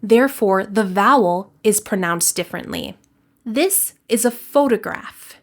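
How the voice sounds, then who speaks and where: A woman narrates a scripted English lesson at an unhurried pace. She explains each point carefully and slows down further to model example words, keeping a middle-pitched, even teaching voice. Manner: clear, deliberate explanations with slow example words.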